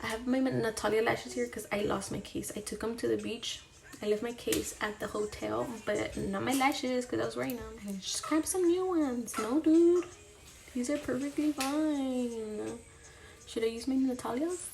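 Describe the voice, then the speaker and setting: A young woman with a fairly high, steady, gravelly voice talks at a normal speed while doing her makeup on camera. She's a beauty vlogger in casual get-ready-with-me mode, chatty and self-deprecating, talking herself through each step.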